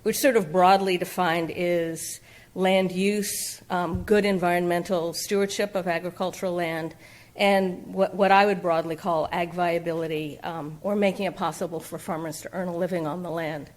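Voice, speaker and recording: A woman's voice: lowish voice, fairly even intonation, moderate pace. A woman giving a public lecture in a conversational way, with fillers and questions to the audience in a lecture room. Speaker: guest speaker from a farmland nonprofit.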